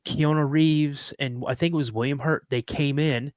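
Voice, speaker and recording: A man's voice: a little high, fairly even intonation, moderate pace, no echo. A man hosting a podcast, telling casual, rambling anecdotes and often restarting and repeating his words. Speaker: podcast host. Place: live podcast show.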